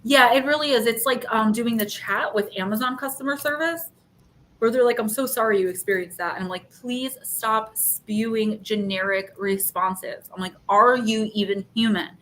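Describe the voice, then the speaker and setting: A woman's voice: on the high side, a little fast, a bit bright, a little hiss or hum. A woman hosting a casual livestream, telling an annoyed story and acting out both sides of phone calls. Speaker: livestream host.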